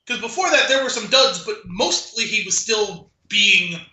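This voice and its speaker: A man's voice: high voice, normal speed, pushed and bright. A man co-hosting a podcast in casual chat, a rambling storyteller with dry jokes and lots of "like". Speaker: podcast co-host. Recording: roomy echo.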